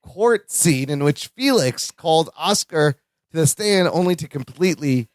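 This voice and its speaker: A man's voice: a little high, moderate pace, no room sound, studio quality. A man co-hosting a podcast, chatting casually as he recaps a sitcom episode and acts out its lines. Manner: animated, acts out quotes from the episode. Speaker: podcast co-host.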